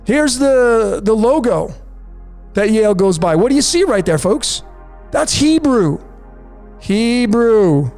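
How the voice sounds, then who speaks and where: A man's voice: high voice, lively intonation, unhurried, darkish tone. A man hosting a numerology talk, insistently walking through slides and repeating "folks" and "there it is". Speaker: numerology channel host. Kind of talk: conspiracy commentary over slides. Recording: faint music bed behind voice.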